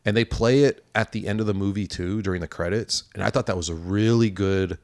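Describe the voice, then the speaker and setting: A man with a somewhat low voice co-hosts a casual movie podcast. He rambles and hedges, piling up fillers as he works toward a point. The sound is dry and close. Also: a little fast, darkish tone, no room sound. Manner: rambling, hedging with many fillers. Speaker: podcast co-host. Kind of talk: casual movie review chat.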